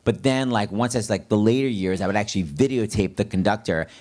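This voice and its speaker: A man's voice: on the low side, a little fast. A man hosting a live stage interview, telling comic stories with lots of laughter and acting out quotes. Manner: animated, laughing, acts out quotes in big voices. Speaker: talk show host.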